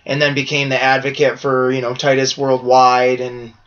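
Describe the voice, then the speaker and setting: A man co-hosting a podcast in casual wrestling chat, rambling and animated, swearing freely. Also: mid-range voice, normal speed, highs cut off. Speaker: podcast co-host.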